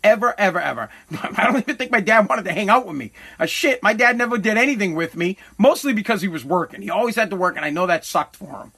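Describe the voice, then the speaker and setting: High, bright-voiced man telling a regretful story. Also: expressive, fast, hardly any pauses, husky. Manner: rambling, profane, self-correcting; heavy with regret. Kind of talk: candid personal storytelling.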